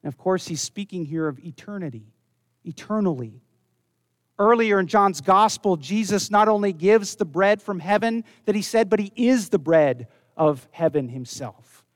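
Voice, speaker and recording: A man preaching a sermon, earnest, dropping low and soft when he quotes scripture. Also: animated, moderate pace, dry recording, clean studio sound. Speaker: pastor.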